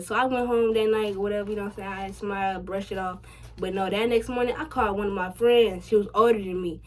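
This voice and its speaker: A young adult woman telling a personal story to her viewers in a casual vlog, slangy and full of swearing, getting louder and higher when excited. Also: fast talker. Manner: chatty, slangy and profane, addressing viewers directly; animated, rising loud and high when excited. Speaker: vlogger.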